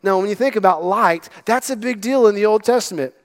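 A man preaching a sermon as pastor, emphatic and sometimes dropping to a hush. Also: high voice, fairly quick. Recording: long hall reverb.

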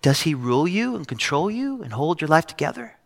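A man's voice: on the high side, big pitch swings, a little fast, vocal fry, big-room sound. A middle-aged male pastor preaching a sermon, telling a personal story with acted quotes. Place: church stage.

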